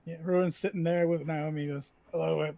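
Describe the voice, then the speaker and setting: A man's voice: on the high side, fairly even intonation, fairly quick, mellow, no room sound. A man playing in a tabletop game, talking in a casual, joking way. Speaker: player.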